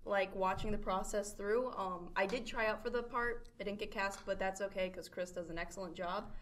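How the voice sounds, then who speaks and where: A woman co-hosting a podcast chats casually and giggles with her friends. Her mid-range voice is fairly bright, with fairly even intonation and a normal speed.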